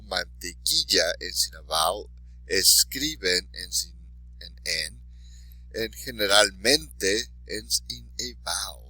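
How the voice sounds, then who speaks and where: A man teaching a Spanish class to students, giving encouraging instructions and saying each example word twice, slowly and with clear stress. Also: deep voice, sharp tone, no room sound, poor audio. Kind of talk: recorded class lesson for students.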